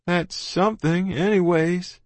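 A man's voice: on the high side, sing-song, moderate pace, dry recording, pitched above the performer's own voice. A man voicing a lanky, friendly country boy who speaks in a plain rural dialect. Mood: gloomy.

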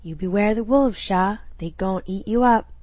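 A woman's voice: mid-range voice, moderate pace, darkish tone, no echo, natural voice. A woman voicing an elderly woman who gives folksy, ominous warnings.

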